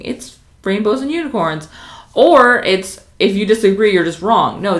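A woman giving casual social media marketing tips, talking fast and with passion, with plenty of fillers. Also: medium pitch, a bit bright, reverberant. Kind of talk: casual instructional talk to camera.

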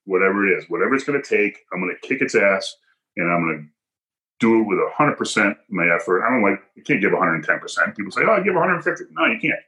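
Man, podcast guest, personal story, emphatic and punchy, slightly low voice, forceful tone. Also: animated, fast, poor audio. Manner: emphatic, punchy, acts out quoted dialogue.

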